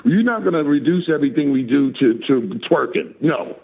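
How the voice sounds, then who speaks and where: Older guy in his 60s, gravelly husky voice, super animated, acts out both sides of a convo, dull lo-fi sound. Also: a little high, a little fast, faint music behind. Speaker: guest musician. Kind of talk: casual interview chat.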